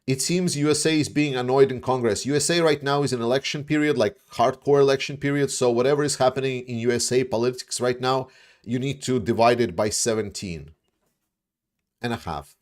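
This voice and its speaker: Briskly and at medium pitch, a man who does war commentary on YouTube gives casual remarks and responds to viewers' questions. He's blunt, restarts a lot, leans on fillers, and swears now and then.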